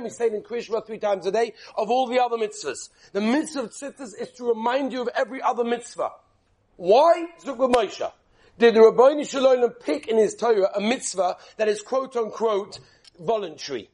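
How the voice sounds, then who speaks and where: A man teaching a Torah class as an animated sermon, mixing in Hebrew and Yiddish terms and quizzing his listeners. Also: high-pitched.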